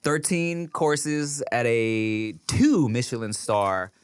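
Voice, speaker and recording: Animated, swearing male podcast host. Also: medium pitch, takes it slowly, smooth, no room sound. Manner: animated, profane storytelling with many fillers. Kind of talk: casual chat.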